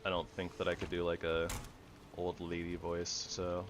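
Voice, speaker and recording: A man's voice: low-pitched, moderate pace, soft background music. A man giving casual, rambling commentary over his gameplay, often correcting himself. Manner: rambling, self-correcting, relaxed. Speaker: gamer.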